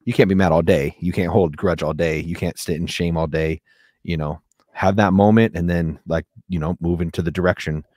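Male co-host, very deep voice, halting delivery, dry close mic. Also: fairly even intonation, a little mellow, dry recording. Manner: searching for words, many ums and restarts. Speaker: podcast co-host. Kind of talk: casual podcast chat.

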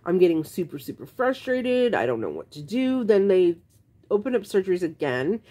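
A woman's voice: fairly low pitch, sing-song, moderate pace, dark tone. A woman vlogging to camera, frankly telling her own story in a casual, exasperated way, rambling with restarts.

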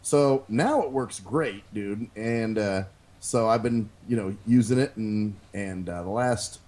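A man's voice: lowish voice, slow pace. A man co-hosting a podcast in casual, profane chat, telling stories and acting out what people said. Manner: animated storyteller, acts out quotes, curses freely. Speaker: podcast co-host.

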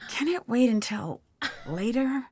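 A woman's voice: a little high, unhurried, a little hiss or hum. An actress playing a young, skeptical woman detective in a game. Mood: calm. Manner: calm, inquisitive.

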